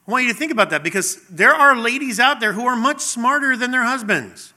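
A man's voice: very high-pitched, animated, fairly quick, pushed and bright. A middle-aged man preaching a sermon in a conversational way, asking the congregation questions and acting out little scenes. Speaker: pastor.

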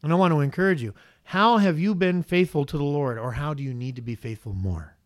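A man's voice: fairly high pitch, fairly quick. A male pastor preaching a sermon, asking the congregation question after question. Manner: preaching with many rhetorical questions.

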